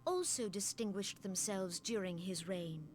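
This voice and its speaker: An actress playing a composed woman briefing a council in a game cutscene, with a measured, formal delivery. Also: mid-range voice, crowd noise, natural voice. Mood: expository. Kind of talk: voiced game cutscene dialogue.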